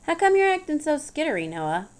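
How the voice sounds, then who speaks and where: A woman's voice: sits high, sing-song, a little fast, pitched above the performer's own voice. A woman voicing a tall, tough, blunt woman with a wry, drawling, teasing manner in an audiobook.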